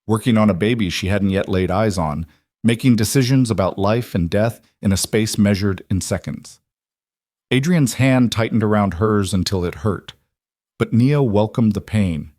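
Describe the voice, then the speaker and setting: A man narrating a scripted dramatic story in a measured, emotive way. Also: fairly low pitch, darkish tone, dry recording, clean studio sound.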